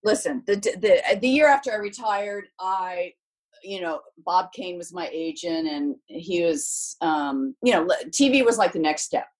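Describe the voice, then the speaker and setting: In a casual interview, a woman in her sixties, a former tennis champion turned sports commentator, tells stories animatedly and acts out quotes in other voices. Her voice is lowish and measured, though the audio quality is poor.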